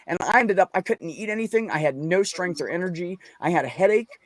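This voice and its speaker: A man's voice: high voice, lively intonation, fairly quick. A man in a casual podcast chat, telling a long story in a rambling, profane way. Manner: profane, rambling storyteller acting out his own lines. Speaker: podcast host.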